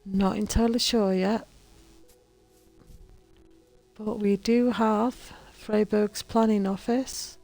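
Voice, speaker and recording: A woman's voice: mid-range voice, steady tone, a little slow, creaky, darkish tone, soft background music. A woman chatting casually to her viewers as she plays a building game and talks to the characters. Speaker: gaming streamer. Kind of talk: casual gameplay commentary.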